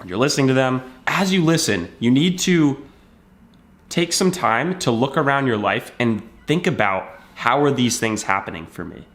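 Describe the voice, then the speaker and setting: A man's voice: medium pitch, animated, normal speed, a bit bright. A man giving a casual motivational talk to camera, telling a story and acting out bits of dialogue in a conversational way. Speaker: self-help video creator.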